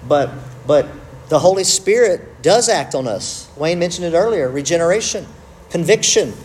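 A man teaching a church class, conversational and quick to joke at his own slips. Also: a little high, expressive, darkish tone, a little hiss or hum. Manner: conversational, self-interrupting with humor.

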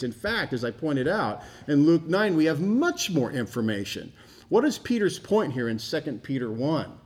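A man's voice: medium pitch, a little mellow. A man preaching an expository sermon, stressing and repeating key phrases as he teaches from a passage. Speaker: pastor.

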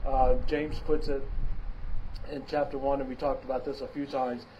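A man giving a sermon as pastor, talking casually with fillers and restarts, then swelling to loud, emphatic preaching. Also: mid-range voice, level tone, normal speed. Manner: emphatic preaching with big swings in loudness. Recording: dull lo-fi sound with clear background noise.

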